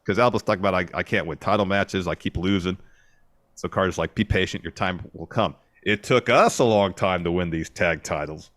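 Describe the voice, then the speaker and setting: A man with a very low voice co-hosts a podcast, telling events in order at a steady clip and acting out what others said. The recording is dry and close. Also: fairly quick, no echo. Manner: steady play-by-play retelling, acting out quotes. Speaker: podcast co-host. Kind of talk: casual wrestling recap chat.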